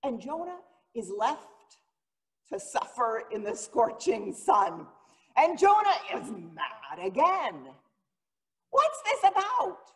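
A woman's voice: fairly high pitch, very animated, takes it slowly. A woman pastor giving a sermon, telling the story in an earnest, dramatic way. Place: church sanctuary. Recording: long reverb of a church hall.

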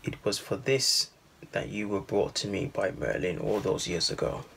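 A man voicing a stern, sorrowful older father in a storybook reading, speaking in a grave, measured way with a husky voice. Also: deep voice, fairly bright tone, slight background noise. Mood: solemn.

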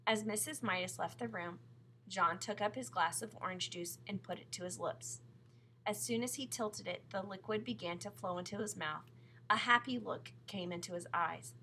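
A woman narrating a children's book chapter in clear, steady storytelling. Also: mid-range voice, moderate pace, slight background noise, rough recording.

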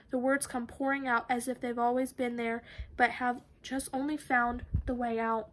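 Woman reading a novel aloud, flat delivery. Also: on the high side, normal speed. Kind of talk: read-aloud narration of a novel.

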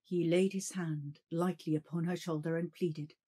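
A woman reading a ghost story aloud in a slow, dramatic storytelling manner. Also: low-pitched, steady tone, mellow, husky. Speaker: narrator. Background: shamisen music.

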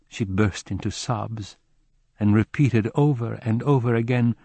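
A man narrating a literary audiobook in a measured, somber first-person reading. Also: medium pitch, warm tone, no room sound.

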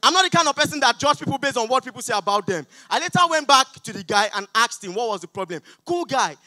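A young Nigerian man with a Nigerian accent doing a stand-up comedy set on an auditorium stage, loud, pleading and mock-outraged with the crowd. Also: extremely high pitch, expressive, quick pace, no echo. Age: young adult.

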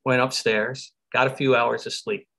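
A middle-aged man from Philadelphia, a survivor giving an earnest, reflective talk over a live stream, with soft laughs now and then. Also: mid-range voice, level tone, normal speed. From Philadelphia, USA. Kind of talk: personal storytelling talk. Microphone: video call from home.

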